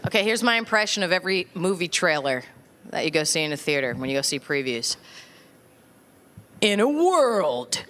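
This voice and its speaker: A woman comedian performing a stand-up set at a live venue, wry and self-deprecating, with quick asides to the audience. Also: low voice, fairly even intonation, sharp tone. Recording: live crowd and noise. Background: laughing, applauding audience.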